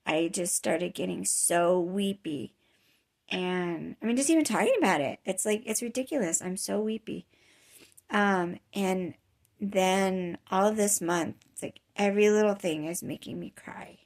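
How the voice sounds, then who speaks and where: Woman, 30s, casual vlogger, slightly gravelly tone, weary and rambling. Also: medium pitch, unhurried, a little mellow. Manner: rambling, candid, many fillers and restarts. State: weary from chronic nausea. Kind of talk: casual personal vlog.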